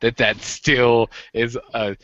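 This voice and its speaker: A man's voice: mid-range voice, little pitch movement, slow pace, fairly bright tone, no echo, highs cut off. A man, chatting and ranting with profanity as a podcast co-host. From Washington state, USA. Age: 20s. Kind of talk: casual chat.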